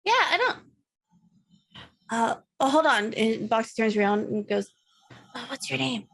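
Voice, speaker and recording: A woman playing a tabletop game, giggly and excitable. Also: on the high side, unhurried. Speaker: player.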